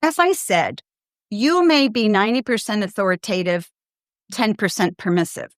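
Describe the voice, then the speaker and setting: An older woman, a pediatrician with her own podcast, gives callers direct, good-humored parenting advice in a mid-range voice with lively intonation at a moderate pace. She's warm and funny, acting out kids and parents in quotes, and the studio recording is clean with no room sound.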